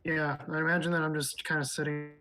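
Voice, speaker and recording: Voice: medium pitch, fast, poor audio. A player narrating their character in the first person in a subdued, brooding way. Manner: subdued, flat, brooding delivery. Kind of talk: in-character role-play narration.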